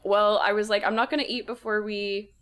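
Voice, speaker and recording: A young woman co-hosting a podcast, telling a story in casual chat, animated and laughing often. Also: mid-range voice, brisk. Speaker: podcast co-host.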